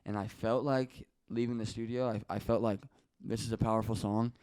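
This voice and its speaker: A man in his twenties, a guest on a podcast, telling a personal story in a casual, animated way, swearing often and acting out what other people said. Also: lowish voice, moderate pace. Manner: animated, swears often, acts out quoted voices.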